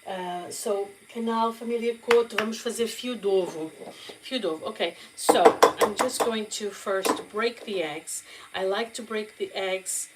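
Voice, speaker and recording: A woman's voice: on the low side, noisy background. Chatty Portuguese-accented woman cooking. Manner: chatty, warm asides to viewers, frequent "okay?" check-ins. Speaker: cooking vlogger. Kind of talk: casual cooking demonstration. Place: home kitchen.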